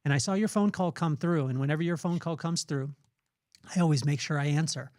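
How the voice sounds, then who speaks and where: A man's voice: fairly high pitch, fairly quick, darkish tone, no room sound, clean studio sound. A man hosting a podcast, telling a rambling personal story with many restarts. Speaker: podcast host. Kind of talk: casual interview chat.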